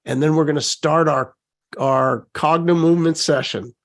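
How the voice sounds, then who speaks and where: A man leading a guided live online session, gently coaxing his listeners, repeating prompts and reading out their chat comments. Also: a little high, fairly even intonation, normal speed. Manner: reads out chat comments warmly. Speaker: session facilitator.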